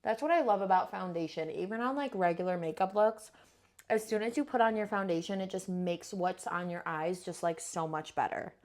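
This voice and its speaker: A woman's voice: fairly low pitch, a little fast, a little hiss or hum. A young woman chatting casually through a makeup tutorial at home, playful and slangy, self-deprecating, full of "like" and "um". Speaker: makeup vlogger.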